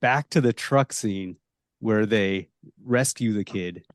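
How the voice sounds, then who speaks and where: A man's voice: fairly low pitch, slow, no room sound, studio quality. A man in casual podcast chat, laid-back, swearing and quoting his own reactions. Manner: laid-back, swearing, quotes himself a lot. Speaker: podcast co-host.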